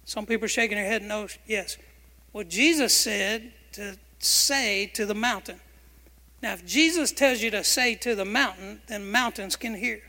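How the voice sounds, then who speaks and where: A man's voice: high-pitched, moderate pace, bright, forceful tone. A man preaching a sermon as pastor, emphatic, asking the congregation questions and having them repeat phrases back. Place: church sanctuary. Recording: long reverb of a hall.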